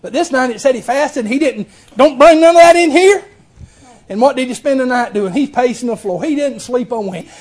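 A man, preaching with a strikingly high-pitched voice. He tells the story in a folksy, homespun way, full of exclamations and chuckles. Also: a little fast, darkish tone. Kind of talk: folksy sermon.

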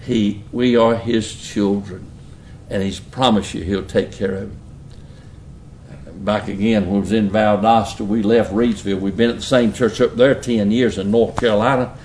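Folksy Southern preacher, lowish voice. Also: male voice, steady tone, normal speed, darkish tone, roomy sound, slight background noise. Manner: folksy, earnest storyteller. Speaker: pastor. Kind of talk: sermon storytelling.

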